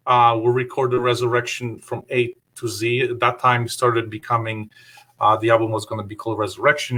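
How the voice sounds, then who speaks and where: Bright-voiced man telling stories. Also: medium pitch. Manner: rambling anecdotes with many fillers; acts out his own past remarks in quotes. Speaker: guest guitarist. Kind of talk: casual interview storytelling.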